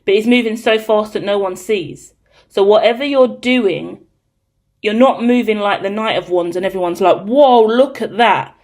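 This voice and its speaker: A woman giving a collective tarot reading, talking in an excitable, rambling, cheeky way. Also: medium pitch, normal speed. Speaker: tarot reader.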